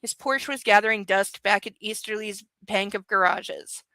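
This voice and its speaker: Young woman reading a novel aloud, chatty asides; bright, smooth tone, dry close sound. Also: medium pitch, normal speed, dry recording, rough recording. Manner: casual, chatty asides between passages. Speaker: book club reader.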